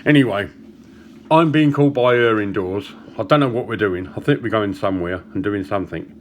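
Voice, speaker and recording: A man, chatting to camera and telling a joke, with small pauses and chuckles along the way. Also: fairly low pitch, slight background noise. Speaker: vlogger.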